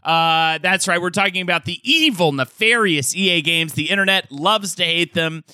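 A man's voice: high-pitched, normal speed, bright, forceful tone, smooth, dry recording. A man co-hosting a comedy podcast, telling a rambling, jokey story with many restarts. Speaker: podcast co-host.

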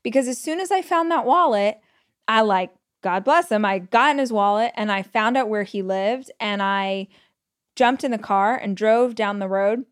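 A woman hosting a solo podcast, telling personal stories in a chatty, animated way full of "like" fillers and quoted thoughts. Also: medium pitch, moderate pace. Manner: retells stories with quoted inner speech. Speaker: podcast host. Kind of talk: casual solo podcast storytelling.

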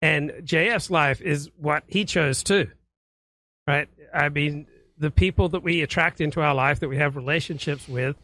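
A Canadian man delivers a lecturing, philosophizing monologue in a slightly high voice. His tone is bright and tense. The sound is close and dry. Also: moderate pace, no room sound. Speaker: online commentator. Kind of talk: monologue commentary. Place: played clip.

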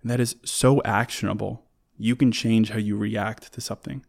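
Low gravelly guy doing a solo relationship advice talk, earnest and chatty, lists his points. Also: steady tone, normal speed. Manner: conversational and earnest, restarts words, lists points.

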